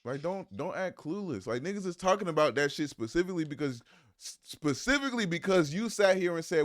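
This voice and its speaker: A man's voice: fairly high pitch, lively intonation, a little fast. A man streaming live, reacting to a clip with profane, mocking, incredulous commentary.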